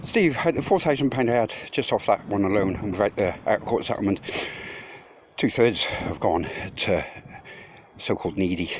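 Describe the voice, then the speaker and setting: This man, voice on the low side and animated at a normal speed, is out of breath while walking and talking at a hot outdoor construction site. He rambles and swears through a rant about a rival, and the rough recording has noticeable background noise and clicks.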